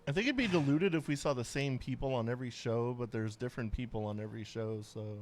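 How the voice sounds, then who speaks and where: A man's voice: mid-range voice, fast. A man in casual podcast chat, talking in a plain, matter-of-fact way. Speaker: podcast co-host.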